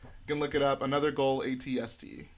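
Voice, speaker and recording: A relaxed young man chats casually on a live stream while he works on a build. He reads viewer questions aloud and answers them one after another, easygoing and unhurried, at a middle pitch. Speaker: livestream host.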